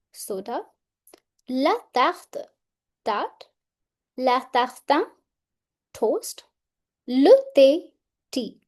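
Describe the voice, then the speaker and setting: A woman's voice: high voice, dark tone. A woman giving a beginner French lesson, patiently saying each word and then translating it. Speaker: French teacher.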